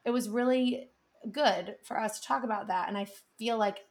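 A woman in her thirties or forties co-hosts a podcast, chatting casually and telling stories in an earnest, rambling way with restarts. Her voice is on the high side and she keeps a moderate pace.

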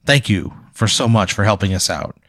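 A slim boxing manager makes a smooth, salesy pitch, as a man puts him on. The voice is low and recorded dry and close. He sounds businesslike and eager to close the deal. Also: moderate pace, fairly bright tone, no echo.

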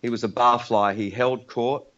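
A man's voice: medium pitch, steady tone, normal speed, a bit bright, lo-fi sound. An older Australian man, a musician guest, telling blunt, profane stories in a casual interview. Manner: blunt, profane storyteller who acts out voices.

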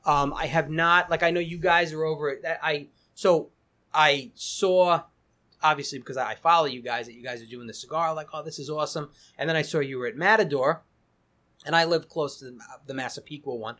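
A man's voice: fairly high pitch, fairly even intonation, brisk, pushed and bright. A middle-aged man, a cigar company founder chatting as a podcast guest, rambling with many restarts and repeated words. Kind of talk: casual podcast interview.

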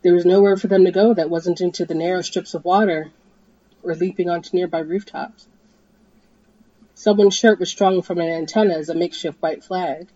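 A woman reading a tense story aloud, her voice rising to shouts in the dramatic scenes. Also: lowish voice, fairly even intonation, normal speed, dry recording, lo-fi sound. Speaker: podcast host and story reader.

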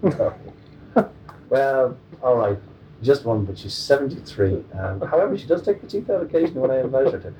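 A man's voice: mid-range voice, animated, a little fast, muffled recording. An Irish man in his forties, a comedian being interviewed, joking and rambling with many restarts. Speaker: comedian guest. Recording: distant mic with faint noise.

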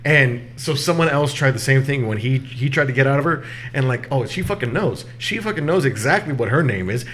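A man co-hosting a podcast, telling a story in a rambling, halting, profane way. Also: mid-range voice, expressive, a bit bright, slight background noise. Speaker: podcast co-host. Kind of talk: casual chat.

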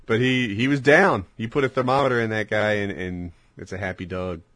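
A man's voice: on the low side, steady tone, a little fast, a bit bright, no room sound, studio quality. A man hosting a casual podcast, telling stories animatedly with frequent laughter. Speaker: podcast host.

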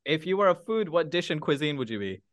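Playful podcast host quizzing guests. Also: male voice, on the high side, sing-song, quick pace. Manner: playful, teasing, counts down. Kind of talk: casual chat, quickfire game questions.

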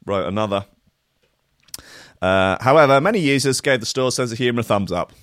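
A man's voice: medium pitch, lively intonation, a little fast, a bit bright, no echo. Man, host, casual comedic chat, sarcastic, jokey, dry sound. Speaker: radio show host.

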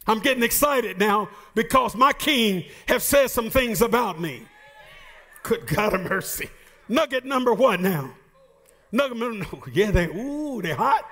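This preacher's pitch is extremely high, and his intonation lively at a normal pace. As pastor he shouts and half sings his sermon, with playful remarks aimed at the congregation.

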